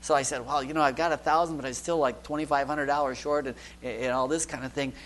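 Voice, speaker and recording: A man preaching a sermon built around a personal testimony, talking conversationally with many asides and soft laughs, moving between loud stretches and hushed ones. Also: mid-range voice, steady tone, quick pace, rough recording. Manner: conversational, frequent "you know" and soft laughs.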